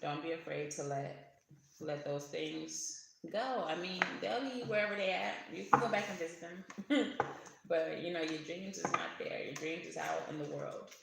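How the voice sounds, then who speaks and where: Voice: mid-range voice, normal speed, vocal fry, very noisy. A tarot reader giving a casual reading to camera, chatty, laughing often and swearing now and then. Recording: very echoey room.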